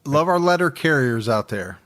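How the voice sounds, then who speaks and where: A man's voice: mid-range voice, expressive, moderate pace, a bit bright. A man co-hosting a podcast in easygoing, teasing casual chat. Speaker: podcast co-host.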